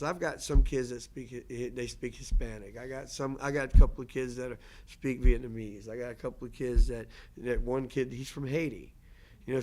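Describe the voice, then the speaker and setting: A man who teaches language, speaking in a casual, earnest lecture style with frequent restarts and repetition. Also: mid-range voice. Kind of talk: casual lecture answering questions.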